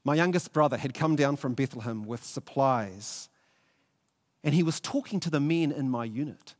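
A man giving a vivid first-person dramatic retelling, halting at times with stammered repeats. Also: medium pitch. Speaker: storyteller. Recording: long echoey reverb.

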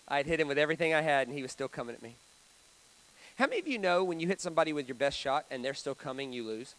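A man preaching a storytelling sermon, talking to the audience in a conversational way with dramatic swings between loud and soft. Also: fairly high pitch, lively intonation, quick pace. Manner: conversational, asks the audience questions.

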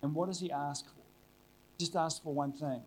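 A man's voice: fairly high pitch, fairly even intonation, normal speed, a little hiss or hum. A middle-aged man preaching a sermon, telling a personal story in an earnest, conversational way with frequent restarts.

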